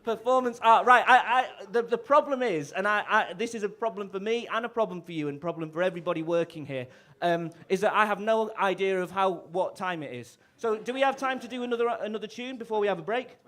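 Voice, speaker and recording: Brief: male bandleader, high for a man, loose jokey stage patter into a live mic, lots of laughs and restarts. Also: quick pace, hardly any pauses, fairly bright tone. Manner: jokey, chatty, laughs often, stumbles and restarts. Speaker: bandleader and clarinettist. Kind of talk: stage banter between tunes. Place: live music venue.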